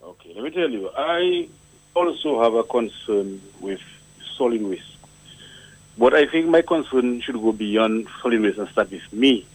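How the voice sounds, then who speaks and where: A man's voice: mid-range voice, expressive, measured pace, breathy edge, no room sound, poor audio. A man calling a radio show who lectures earnestly on handling garbage and repeats his points. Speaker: caller. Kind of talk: call-in comment.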